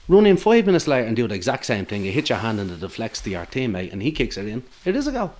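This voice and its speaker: Irish male guest, middle-aged, low voice, rambling anecdotal delivery, casual podcast chat. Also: animated, fast, crowd noise. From Ireland. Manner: rambling anecdotal storytelling with many restarts. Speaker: guest, amateur football manager.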